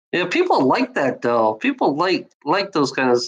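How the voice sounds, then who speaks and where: A woman's voice: low-pitched, slightly rough, lo-fi sound. Rambling, profane woman chatting. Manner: rambling, profane, laughs often. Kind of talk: casual rambling monologue.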